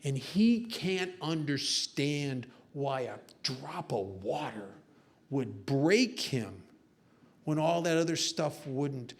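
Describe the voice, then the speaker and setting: A man telling his own story at a recovery meeting, his voice sitting a touch higher than most. He talks in an earnest, confessional way, slipping into self-mocking humor as he tells stories. The delivery is heartfelt and unpolished. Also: expressive, slow pace. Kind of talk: personal testimony talk with storytelling.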